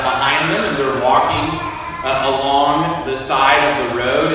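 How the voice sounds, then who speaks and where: Bright-voiced priest preaching in an echoey church. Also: male voice, on the high side, a little hiss or hum. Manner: storytelling, conversational, with frequent "uh" fillers. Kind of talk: sermon. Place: large church. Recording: echoey church hall, from far off.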